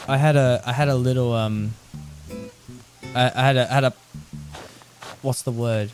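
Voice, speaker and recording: A man's voice: mid-range voice, steady tone, unhurried, darkish tone. A man streaming a game, chatting casually in a rambling way and laughing often. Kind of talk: casual chat while playing. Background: background music.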